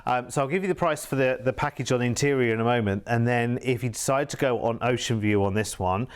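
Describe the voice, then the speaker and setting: A man's voice: mid-range voice, fast, smooth. A British man presenting cruise deals on a TV shopping channel, chatty and upbeat, with asides to his co-host. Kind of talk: TV shopping sales pitch.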